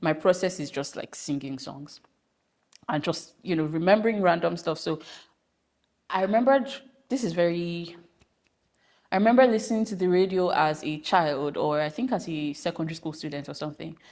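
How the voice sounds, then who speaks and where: A young woman from Nigeria hosting a podcast, chatting casually with rambling, animated asides. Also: lowish voice, normal speed. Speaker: podcast host. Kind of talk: casual monologue.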